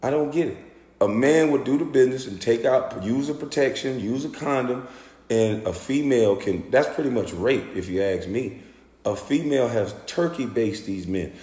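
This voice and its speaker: A former pro basketball player telling a story in an animated, profane, indignant rant. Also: male voice, mid-range voice, normal speed. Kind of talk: ranting storytelling monologue. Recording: echoey room with long reverb.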